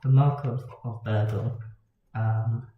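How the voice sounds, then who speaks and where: A man's voice: mid-range voice, steady tone, slow. A man chatting casually on a livestream while he draws, rambling and swearing in a self-deprecating way. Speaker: miniatures hobbyist streamer. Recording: roomy, dull lo-fi with faint noise.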